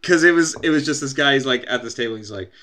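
A man's voice: mid-range voice, fast talker, pushed and bright. A young man co-hosting a casual podcast, rambling through stories with restarts and crude humor. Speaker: podcast co-host. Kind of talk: casual podcast chat, storytelling.

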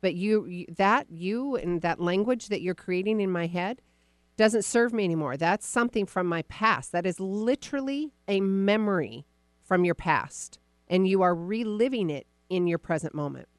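A woman podcast host coaching a caller live, encouraging and animated, acting out the caller's inner voice. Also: medium pitch, moderate pace, dry recording.

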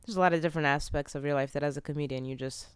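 Woman, young adult, podcast guest, playful, low pitch, dry close sound. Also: steady tone, very fast, smooth, no echo. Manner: playful, joking. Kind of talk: casual interview chat.

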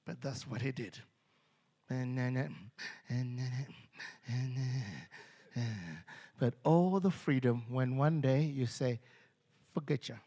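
A man preaching a sermon, animated, acting out voices and swinging between hushed and loud. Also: mid-range voice, slow pace, pauses often. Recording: long hall reverb.

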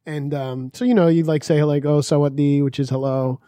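A man with a mellow, slightly higher voice, telling stories in a relaxed, crude way. He laughs easily and swears freely. The sound is close and dry. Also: a little fast, no echo. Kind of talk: casual crude chat.

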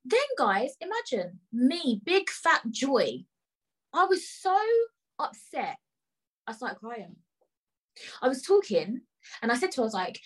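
A woman's voice: on the high side, very animated, unhurried, breathy edge, rough recording. A woman hosting a podcast, telling a story in an indignant, emphatic way, swearing freely and talking straight to her listeners. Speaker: podcast host. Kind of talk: casual storytelling rant.

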